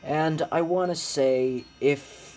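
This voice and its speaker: A male streamer talking casually to his chat, rambling and halting, with many restarts. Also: on the high side, darkish tone, faint music behind. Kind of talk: casual live-stream talk.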